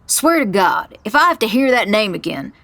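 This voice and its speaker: A woman voicing a gruff, curt middle-aged male stable manager with a central Kentucky accent, in a one-reader audio drama. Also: mid-range voice, sing-song, normal speed, a bit bright, no room sound. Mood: irritated. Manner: curt, irritated.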